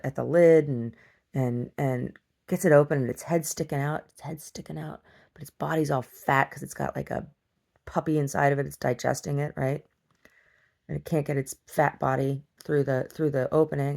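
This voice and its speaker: A woman vlogger casually retelling a dream in a rambling, animated way, full of restarts. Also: sits low, gravelly. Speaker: video diary vlogger. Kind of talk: casual storytelling to camera.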